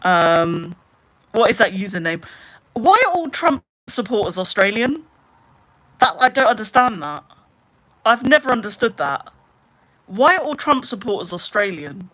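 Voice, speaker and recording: Bright-voiced woman ranting on a live stream. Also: medium pitch, big pitch swings, unhurried, long pauses. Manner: ranting, exasperated, talks straight to chat. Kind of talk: casual live-stream chat, reading viewer comments.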